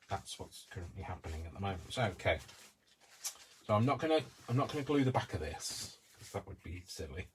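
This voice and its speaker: A man's voice: low-pitched, big pitch swings, a little fast, slight background noise. A man hosting a live craft tutorial, talking casually through each step with rambling, self-mocking asides. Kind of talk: live-streamed craft demonstration.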